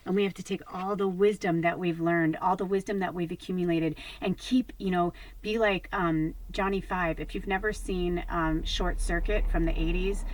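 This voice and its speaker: A woman's voice: on the low side, poor audio. A woman who hosts a spiritual channel, talking casually to viewers in a rambling, candid way, swearing freely and laughing often. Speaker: spiritual medium, channel host.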